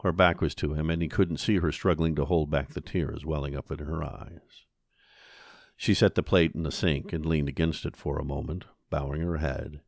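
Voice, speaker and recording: Deep, gravelly male narrator. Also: a little mellow, no echo, clean studio sound. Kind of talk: audiobook narration.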